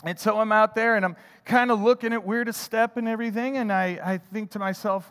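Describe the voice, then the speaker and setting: A man preaching a sermon, telling a childhood story with animated delivery and acting out his own thoughts. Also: high voice, fairly quick, few pauses, clear, resonant tone, in a large hall. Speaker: pastor. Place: church sanctuary.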